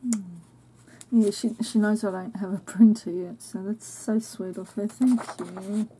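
A woman host of a crafting channel, unboxing a craft swap package and gushing over each item in soft exclamations and whispers. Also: medium pitch, fairly even intonation, unhurried, a little hiss or hum.

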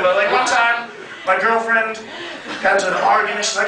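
A man performing a crude stand-up comedy set, brash and punchy, with sudden loud bursts. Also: extremely high pitch, fairly even intonation, fast talker. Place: comedy club stage. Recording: echoey club sound from a distant mic, crowd laughter. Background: audience laughing.

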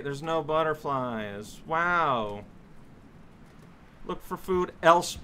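A man giving casual gameplay commentary, muttering to himself and bursting into exasperated shouts. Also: a little high, lively intonation, drawn-out words, long pauses. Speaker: let's play commentator.

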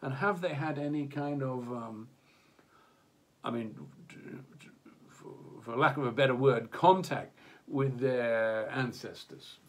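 A man's voice: mid-range voice, measured pace. Hesitant man musing aloud. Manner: hesitant, many restarts and fillers. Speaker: co-host of religion discussion. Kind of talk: casual discussion. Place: Japan.

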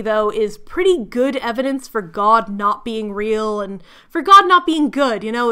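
A woman's voice: on the high side, a bit bright. Sarcastic woman reviewing a book. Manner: sarcastic and exasperated. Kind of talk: casual spoken commentary.

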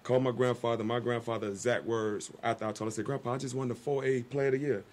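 A man, a guest telling a long story in casual talk on a radio show, animated and acting out the people he quotes. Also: medium pitch, fast talker, slight background noise.

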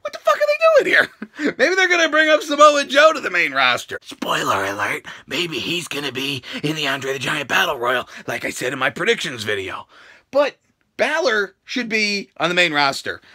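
A man reviewing a wrestling show in a casual reaction video, swearing freely and bursting into shouts. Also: on the high side, huge pitch swings, normal speed. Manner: profane, ranting, bursts into shouting.

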